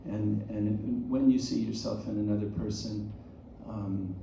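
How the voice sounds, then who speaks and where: A man speaking as an actor at a post-screening talkback, reflective and halting, telling anecdotes. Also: on the low side, fairly even intonation, vocal fry, warm tone, a little hiss or hum. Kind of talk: live stage interview. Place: theater auditorium. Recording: echoey, dull, distant theater audio.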